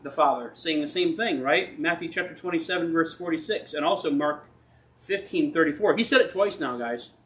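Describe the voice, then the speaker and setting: Man, pastor, sermon, conversational, fairly high voice. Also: a bit bright. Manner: conversational preaching, acts out questions to God.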